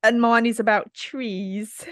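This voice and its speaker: Chatty woman, fairly high voice. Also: steady tone, slow, no echo, studio quality. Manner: chatty storyteller, laughs often, swears casually. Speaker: podcast co-host. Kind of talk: casual chat.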